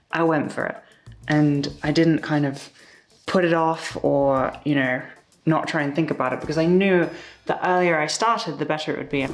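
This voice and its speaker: A young woman talks straight to the camera in a loose, rambling vlog voice, low in pitch for a woman. She fills her talk with small asides and fillers. Faint music plays softly behind her. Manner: chatty, uses many fillers and little asides. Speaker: YouTuber. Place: home.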